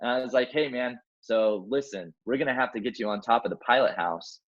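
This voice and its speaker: A man's voice: medium pitch, brisk, lo-fi sound. A young man, a rescue swimmer, telling a story in a casual interview, acting out the dialogue and using lots of fillers like "like" and "man". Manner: animated, acts out quoted dialogue, many fillers like "like" and "man". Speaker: guest, helicopter rescue swimmer.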